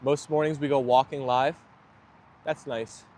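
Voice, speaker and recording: A man with a medium-pitched, steady, darkish voice speaks unhurriedly. He's livestreaming a rainy walk with his dogs from his phone, chatting casually with viewers in a rambling, self-deprecating way.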